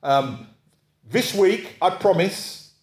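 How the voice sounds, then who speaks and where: A man's voice: sits high, animated, drawn-out words. A man preaching a sermon, talking in a conversational way and often checking in with his listeners. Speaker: pastor. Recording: echoey room.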